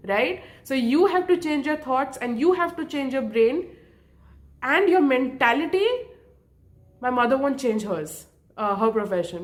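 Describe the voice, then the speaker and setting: A young woman vlogging about her feelings, emotional and close to tears, apologizing often with nervous laughs. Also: a little high. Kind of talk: emotional personal vlog.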